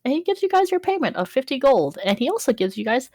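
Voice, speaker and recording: A woman's voice: sits high, sing-song, quick pace, a little mellow, no echo, clean studio sound. A woman narrating a tabletop game as game master, chatty and giggly with many fillers.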